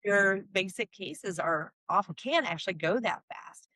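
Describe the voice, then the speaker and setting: A woman in her forties, a doctor hosting the session, telling stories in a lively, exclamatory way and acting out quoted dialogue. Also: mid-range voice, measured pace, dry recording, poor audio. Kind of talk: casual conversational storytelling.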